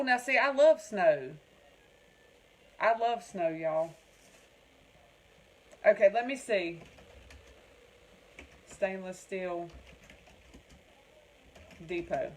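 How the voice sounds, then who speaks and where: A woman with a Southern American drawl chats with her viewers during a craft livestream, greeting them by name and answering their comments. She talks in a folksy, chatty way, with a voice of ordinary, middle pitch. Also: takes it slowly, long pauses, rough recording. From North Carolina. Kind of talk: casual livestream chat reading viewer comments.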